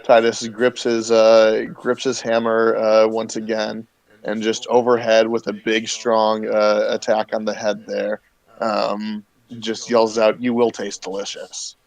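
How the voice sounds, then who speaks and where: Low, flat-voiced man playing a tabletop game. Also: creaky. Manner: halting, filler-heavy description. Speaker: player. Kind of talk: describing his character's actions.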